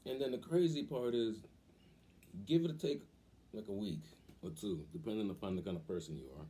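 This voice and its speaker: A young man hosting a vlog, telling a casual story in an animated way and acting out the voices of the people in it. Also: lowish voice, a little fast. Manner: animated, acts out quoted voices. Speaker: vlog host.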